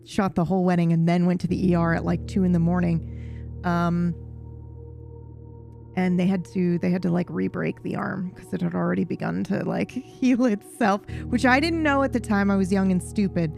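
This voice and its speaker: A woman's voice: on the low side, normal speed, vocal fry, faint music behind. Chatty woman streamer telling a story. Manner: rambling, animated storytelling with swearing. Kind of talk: casual chat with viewers while gaming.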